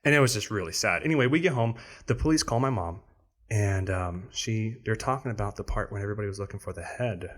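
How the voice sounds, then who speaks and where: A man on a podcast telling a story in casual chat, acting out other people with sudden high voices. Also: quick pace. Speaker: podcast co-host.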